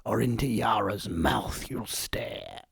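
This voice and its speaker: A podcast host voicing a hushed, creepy poem reciter in a put-on Australian accent, low and breathy. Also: male voice, big pitch swings, slow, exaggerated voice. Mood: eerie.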